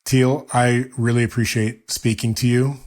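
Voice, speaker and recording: A man's voice: mid-range voice, level tone, normal speed. A man in his forties hosting a podcast, talking earnestly in a casual interview and hyping up the sign-off. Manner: earnest, warm praise with playful hype at the close. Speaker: podcast host.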